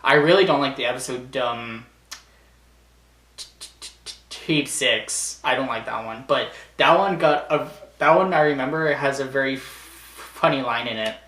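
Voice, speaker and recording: This Canadian vlogger rambles casually while ranking TV shows, restarting his sentences with frequent stammers. His voice is mid-range and a bit bright at a normal speed. The room echoes and the mic is placed at a distance.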